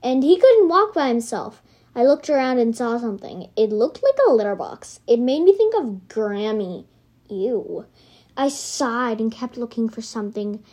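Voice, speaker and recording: A woman with a fairly high voice reads her homemade story aloud as its narrator. She rambles into little asides and keeps correcting herself as she goes. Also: lively intonation, moderate pace, darkish tone.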